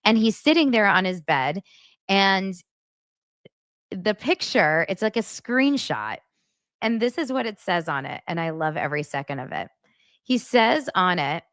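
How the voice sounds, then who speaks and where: An animated woman hosting a gossip podcast, her pitch leaping around as she laughs and gushes over viewer comments. The sound is dry and close. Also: a little slow, no echo. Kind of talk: casual gossip chat.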